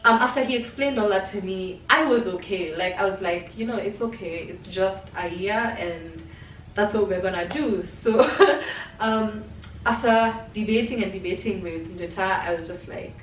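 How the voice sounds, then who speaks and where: A woman's voice: mid-range voice, moderate pace, recorded from a distance, a little hiss or hum. A young adult woman telling a personal story to camera in a candid, chatty way, with many fillers. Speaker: vlogger. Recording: roomy sound from off-mic, faint music.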